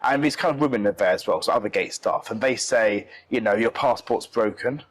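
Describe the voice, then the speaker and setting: A man's voice: lowish voice, fast talker, fairly bright tone, rough recording. A young man from the UK telling an interviewer an upsetting travel story, emotional and often repeating himself. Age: young adult. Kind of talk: casual storytelling.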